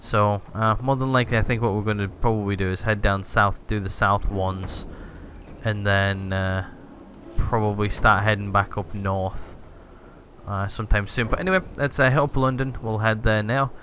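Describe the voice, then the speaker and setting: A man's voice: lowish voice, fairly bright tone, slight background noise. A man casually commenting on his gameplay, rambling with many fillers and hesitations. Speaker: gaming video host. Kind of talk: casual let's-play commentary.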